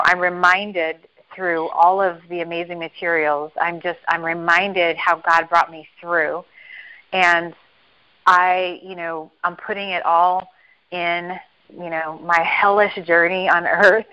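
A woman's voice: on the low side, bright, forceful tone, muffled recording. A woman hosting a group video call, speaking earnestly about faith with many fillers.

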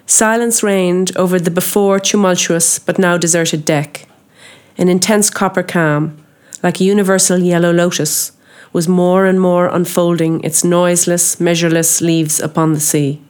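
A woman reading a classic novel aloud as an audiobook, measured and expressive with ornate old prose. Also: fairly low pitch, smooth. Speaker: audiobook reader. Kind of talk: literary audiobook narration.

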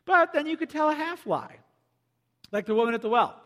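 High-voiced man preaching in a reverberant hall. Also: fairly quick. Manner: animated, acts out quoted voices. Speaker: pastor. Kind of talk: sermon.

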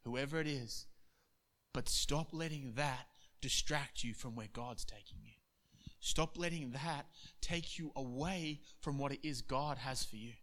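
Male pastor, mid-pitch voice, animated sermon storytelling with acted-out dialogue. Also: measured pace.

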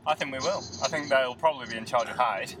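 A man co-hosting a casual podcast while driving, teasing the others with quick interjections. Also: mid-range voice. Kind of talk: casual banter. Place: inside a moving car. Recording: distant voice over loud road noise.

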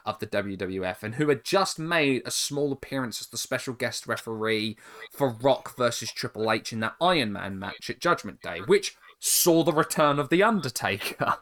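A man's voice: mid-range voice, moderate pace. A man co-hosting a podcast, casually recapping a story with frequent laughter. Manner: animated storyteller, laughs often. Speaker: podcast co-host.

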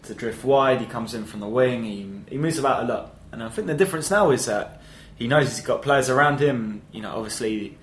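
Male co-host, mid-pitched voice, relaxed and agreeable, roomy echo on the mic. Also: fairly quick, hardly any pauses, slight background noise. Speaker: podcast co-host. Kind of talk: casual football podcast chat.

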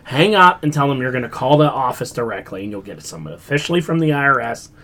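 A man's voice: mid-range voice, fast. A man co-hosting a casual pop culture chat show, telling stories animatedly and acting out the voices in them. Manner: animated storyteller, acts out quotes, swears freely. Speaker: podcast co-host.

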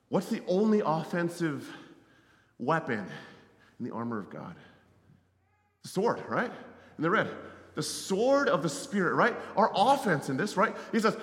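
A man preaching in a raised, conversational voice that keeps tossing "right?" at the congregation. He drops to near whispers, then rises again. His voice rings through a roomy church hall with a long reverb tail. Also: a little high. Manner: conversational, tag questions, animated swings from loud to hushed. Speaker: missionary preacher. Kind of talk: sermon.

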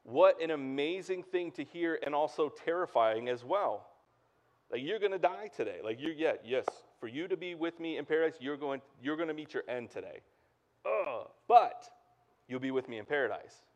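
A man preaching a sermon as pastor in a relaxed, conversational way, full of fillers and asides to the congregation. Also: a little high, moderate pace. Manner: casual and chatty, lots of "like" and "right?".

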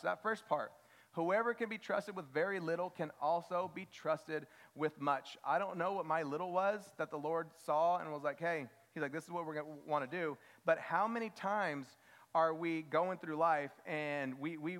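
A man in his thirties preaching a sermon as a children's pastor, telling a self-deprecating story that climbs to loud, emphatic peaks. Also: a little high, lively intonation, fairly quick, big-room sound. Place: church sanctuary.

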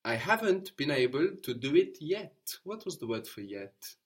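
A man's voice: on the high side, sing-song, normal speed. A man teaching a language lesson step by step, patient and encouraging, spelling out words and praising answers.

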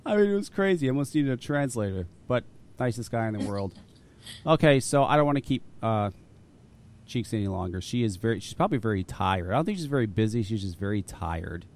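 A man with a lowish voice talks a little fast while hosting a casual talk radio show. He's an animated storyteller who swears a lot and laughs often.

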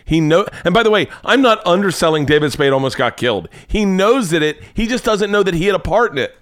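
A man in casual chat who cuts in with quick comments on the story. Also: sits high, expressive, fairly bright tone, no room sound, studio quality.

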